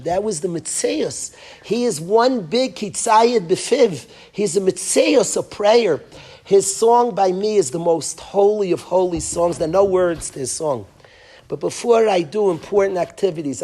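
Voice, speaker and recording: A male rabbi giving an impassioned lecture to parents, repeating phrases and swinging between loud emphasis and soft, hushed lines. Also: high-pitched, husky.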